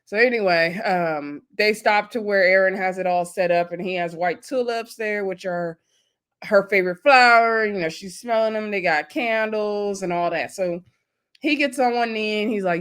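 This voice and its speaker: A woman vlogger recapping a reality TV episode in a casual, gossipy, animated way, with loose slangy talk and asides to her viewers. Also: medium pitch, normal speed, clear, resonant tone. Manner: loose slangy speech addressing viewers as y'all.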